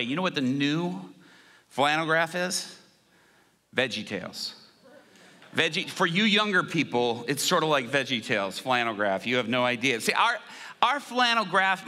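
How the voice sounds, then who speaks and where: A man preaching with a bright, high voice that swings widely up and down. He tells stories in an animated, joking way during a church service. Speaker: guest preacher. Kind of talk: sermon.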